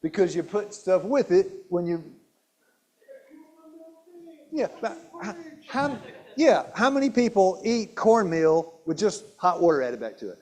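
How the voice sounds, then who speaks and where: A health seminar presenter gives a nutrition talk in a church hall, his high, darkish voice moving in a sing-song lilt at normal speed. He quizzes the audience with questions, repeats key words, and often restarts his sentences.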